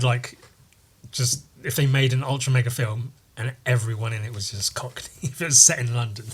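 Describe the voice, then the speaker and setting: Male podcast host, casual and rambling; bright tone with a husky edge. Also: mid-range voice, steady tone, fairly quick. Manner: rambling, laughing, swearing, muttering asides. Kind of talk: casual chat, reading a comic aloud.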